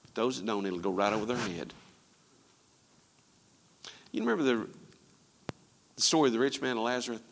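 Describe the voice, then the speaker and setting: A man preaching a sermon as pastor, swinging between loud emphatic lines and quiet, low asides. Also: lively intonation, normal speed, long pauses, big-room sound. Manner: preaching with sweeping rises and drops in pitch and loudness.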